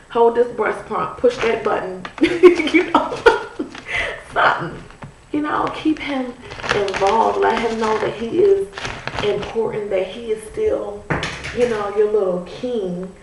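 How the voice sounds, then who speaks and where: A pregnant woman talks slowly and chattily to camera while curling her hair, often pausing on "you know." Her voice sits back from the mic and rings strongly around the room. A faint hiss runs underneath. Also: medium pitch, distant mic. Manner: chatty and musing, full of "you know" and "I'm like". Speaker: vlogger. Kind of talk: casual chat to camera. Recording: echoey room, voice away from the mic, faint noise.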